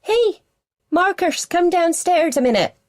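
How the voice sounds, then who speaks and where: A woman voicing a loud, affectionate middle-aged mother who calls out from another room. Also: high-pitched, a little fast, dry recording, studio quality, pitched above the performer's own voice. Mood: calling. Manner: calling out loudly from another room.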